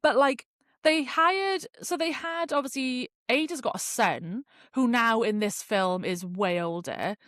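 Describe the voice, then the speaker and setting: A woman's voice: on the high side, measured pace, fairly bright tone, no room sound, clean studio sound. A woman hosting a podcast, chatting casually and expressively, with slang and swearing. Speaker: podcast host. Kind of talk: casual chat review.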